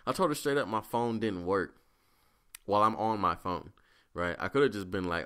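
Low-voiced man telling profane stories. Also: fairly quick. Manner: profane, rambling, animated storyteller. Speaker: podcast host. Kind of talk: casual solo podcast storytelling.

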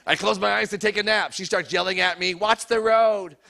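Middle-aged comic guy working the crowd, high voice, raspy edge, riffing at a church gig. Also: steady tone, quick pace, sharp tone, a little hiss or hum. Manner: crowd work, teasing the audience. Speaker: stand-up comedian. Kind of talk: stand-up comedy routine. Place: church hall before a live audience.

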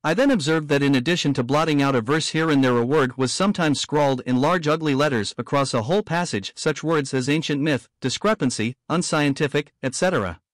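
A man reading a devotional story aloud in measured, earnest first person. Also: on the high side, no echo, clean studio sound. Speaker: audiobook reader.

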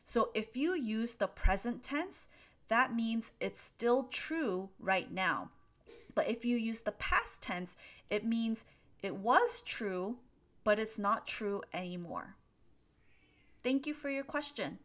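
This is a woman whose voice sits a little high, with lively intonation, a slow pace and a somewhat bright quality. Working from a laptop at her desk, she teaches English on a live stream, patiently answering audience questions she reads aloud, with many fillers.

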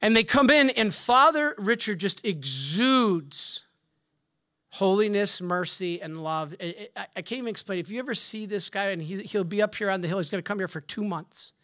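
A man, a Catholic priest, giving a conference talk with emphatic preaching and rhetorical questions, swinging from forceful declarations to hushed asides. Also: high-pitched, lively intonation, normal speed.

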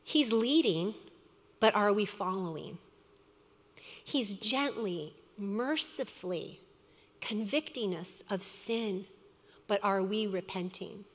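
A woman's voice: mid-range voice, expressive. Middle-aged woman teaching in a reverberant hall. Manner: earnest, warm storytelling with quick asides. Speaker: women's Bible study teacher. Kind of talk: sermon.

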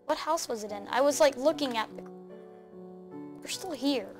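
A woman hosting a video game let's play, excitable, chattering to the game animals and laughing often. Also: high-pitched, moderate pace, soft background music. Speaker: gaming channel host.

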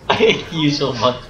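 A man's voice: a little high, fairly bright tone. A young man playing a video game and bantering with a friend, often laughing and teasing. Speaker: gamer. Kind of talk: casual gaming banter. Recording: roomy home recording.

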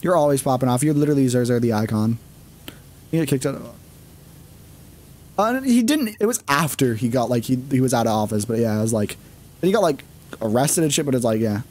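A man's voice: mid-range voice, animated, fairly quick, long pauses, darkish tone. A man streaming a game, chatting casually and rambling with plenty of fillers. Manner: rambling, lots of fillers and laughs. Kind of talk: casual chat.

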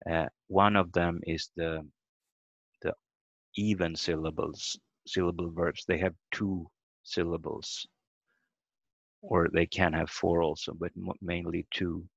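Male language teacher on a video call, low gravelly voice, patient, sounds out syllables, dry and slightly dull audio. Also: level tone, slow, fairly bright tone, no room sound. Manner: explains step by step, sounds out words and spells letters. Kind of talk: online language lesson.

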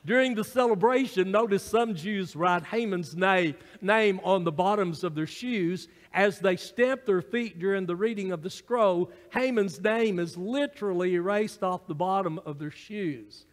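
A man's voice: sits high, a little slow, hardly any pauses, big-room sound. A man preaching a sermon as pastor to his congregation, teaching from his notes with a few fillers and side remarks. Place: church sanctuary.

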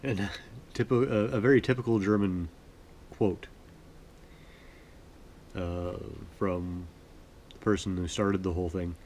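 A man from Manitoba, Canada, chatting in a relaxed, rambling, self-deprecating way as host of his sewing vlog. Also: deep voice, takes it slowly, long pauses, slight background noise. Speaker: sewing vlogger. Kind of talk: relaxed casual chat.

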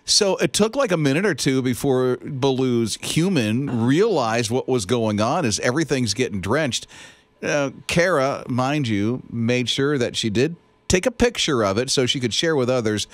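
A man's voice: mid-range voice, animated, normal speed, no room sound. A man co-hosting a Christian morning radio show, telling stories in a playful, easygoing way. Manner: playful storyteller, easy laughs. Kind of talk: casual radio chat. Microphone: studio microphone.

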